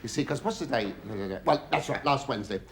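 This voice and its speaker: Animated and fairly quick, this mid-range male voice belongs to a middle-aged English comic doing a camp, gossipy routine for a studio audience. His monologue is full of stammered restarts and shouts of "oh, yes," recorded amid loud live-audience laughter.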